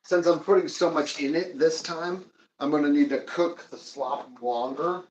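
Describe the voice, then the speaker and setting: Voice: medium pitch, moderate pace, a little mellow, muffled recording. A cooking streamer chatting casually and playfully, often chanting little words in a sing-song way.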